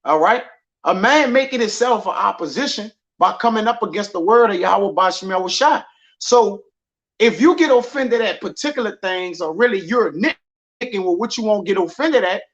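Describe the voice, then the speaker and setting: A preacher teaches scripture in a loose, conversational style, often ending his lines with "man" and "all right." His voice sits high with a fairly bright tone, and the recording has dull lo-fi audio.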